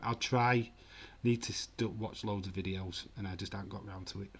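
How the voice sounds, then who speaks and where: A man with a fairly low voice hosts a live football watch-along. He chats casually and reads comments out loud. His tone is jokey and full of teasing. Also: fairly even intonation, moderate pace, gravelly, breathy edge. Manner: chatty, jokey, mock-offended. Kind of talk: casual live-stream chat, reading comments.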